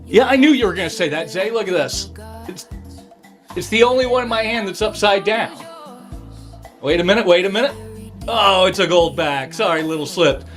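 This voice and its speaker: Guy running a live card break stream, high animated voice, bit of music in the back. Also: normal speed. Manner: chatty, talks to chat, does card tricks. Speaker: livestream seller and breaker. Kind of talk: casual livestream selling patter.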